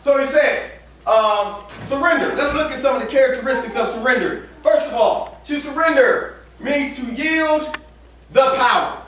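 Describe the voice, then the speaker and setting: A campus minister preaches a sermon in a casual, slang-heavy style, acting out little dialogues and laughing often. His voice is very high-pitched and fairly bright, at a normal speed. He's recorded from far off in an echoey room, with a little hiss or hum.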